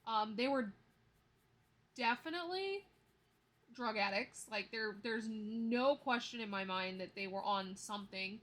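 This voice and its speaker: Counting bills aloud to camera, this woman in her thirties, a budgeting vlogger, tells casual stories and laughs easily. She speaks a little slowly, in a voice that is a little high and a bit bright.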